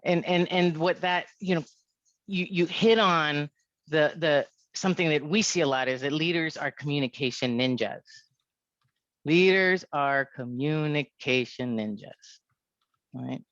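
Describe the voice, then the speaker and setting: A woman from India with an American accent leading an online leadership workshop, lively and checking in with a frequent "right?". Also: deep voice, normal speed, no room sound, dull audio. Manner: lively, keeps asking "right?".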